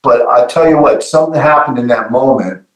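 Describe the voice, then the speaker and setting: A middle-aged man telling a personal testimony in an earnest, halting way, often repeating his words. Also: mid-range voice, reverberant, rough recording. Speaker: guest giving testimony.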